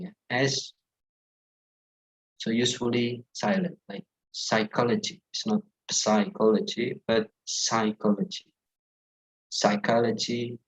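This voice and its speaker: A man's voice: lowish voice, lo-fi sound. A young man with an Indonesian accent teaching English pronunciation in an online class, saying each word again and again to contrast the right and wrong ways.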